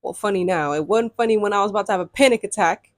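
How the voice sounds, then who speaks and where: A woman's voice: mid-range voice, very fast, no echo, clean studio sound. A young adult woman telling a casual storytime vlog, chatty and loose, filling her talk with like and often calling the audience y'all. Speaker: YouTube storyteller.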